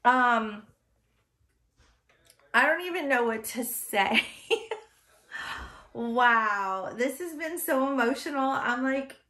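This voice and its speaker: A woman's voice: sits high, lively intonation, slow, pauses often, pushed and bright. A woman hosting an unboxing vlog, gushing with gasps and effusive thanks, teary-eyed and emotional. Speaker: reborn doll artist and channel host.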